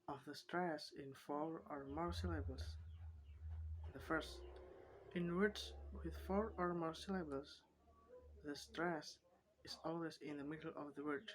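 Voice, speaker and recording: A woman's voice: sits low, poor audio. A woman with an Indonesian accent presenting a class lesson, listing example words one by one. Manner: slow, lists examples one by one. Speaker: student presenter.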